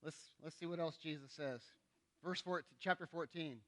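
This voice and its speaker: Guy preaching, high pitch, chatty but emphatic, repeats his points. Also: fairly even intonation, moderate pace, fairly bright tone. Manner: conversational, asks the congregation for responses; emphatic repetition. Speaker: pastor. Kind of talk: sermon.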